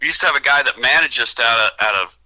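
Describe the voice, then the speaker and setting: Talking fast in a medium-pitched, pushed and bright voice, an older man who is a singer rambles through anecdotes as a guest on a casual radio interview. He restarts often and performs the voices of others he quotes, and the audio quality is poor.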